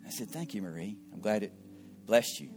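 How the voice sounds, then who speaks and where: A middle-aged male pastor tells a story in an earnest sermon voice. He repeats words as he searches for them and sometimes drops to quiet asides. Soft guitar plays faintly behind him. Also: fairly low pitch, lively intonation, a little fast. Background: faint guitar music.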